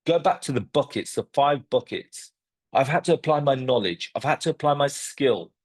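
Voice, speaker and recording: A man, a property investor telling a story to camera and acting out phone calls in lively detail. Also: mid-range voice, moderate pace, breathy edge.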